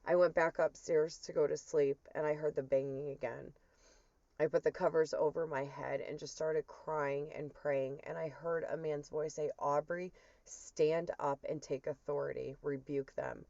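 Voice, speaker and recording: A woman's voice: low-pitched, level tone, moderate pace, dark tone, no room sound. A woman earnestly retelling a personal spiritual experience as a testimony, with emotion in her storytelling. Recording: dull, muffled dry recording.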